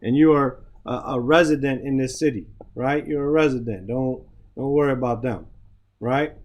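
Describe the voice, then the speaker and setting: A man's voice: mid-range voice, moderate pace, darkish tone, dull audio. A man teaching an Arabic and Quran class, explaining grammar patiently, often checking with "right?", reciting verses and then translating them.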